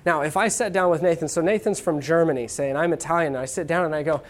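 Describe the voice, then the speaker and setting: A lecturer from the United States, giving an informal classroom talk in a chatty way, with quick asides and checks like "okay?". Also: medium pitch.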